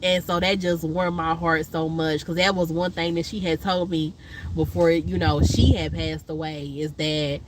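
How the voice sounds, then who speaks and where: A woman vlogger, telling a rambling personal story with many fillers and loud, high impressions of other people. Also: level tone, moderate pace, noisy background. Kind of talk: casual storytelling chat.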